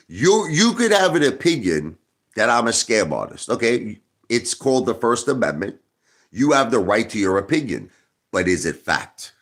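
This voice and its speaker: Speaking at a normal pace, this male streamer goes on a combative livestream rant, arguing directly with viewers and repeating his points repeatedly. His pitch is medium and a bit bright, swinging widely up and down.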